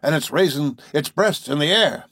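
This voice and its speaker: A man's voice: fairly high pitch, moderate pace, no room sound, studio quality, voice pushed up. Man doing an eager burly harpooner. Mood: excited. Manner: excited, exclaiming.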